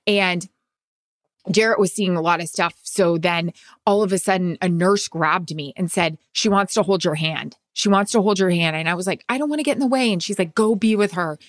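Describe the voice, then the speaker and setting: A woman co-hosting a podcast, telling a personal story in casual chat with emotional, excited bursts. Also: lowish voice, moderate pace, no echo, studio quality. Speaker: podcast co-host.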